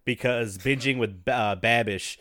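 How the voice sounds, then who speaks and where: Male co-host, bright forceful tone, dry close mic, quick joking banter. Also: medium pitch, dry recording. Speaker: podcast co-host. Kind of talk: casual chat.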